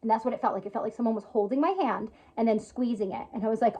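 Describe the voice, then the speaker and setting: This yoga teacher and spiritual healer, a young woman, talks fast in a slightly high, warm, slightly rough voice. Her casual vlog is an earnest, emotional personal story packed with fillers, captured in slightly dull lo-fi sound.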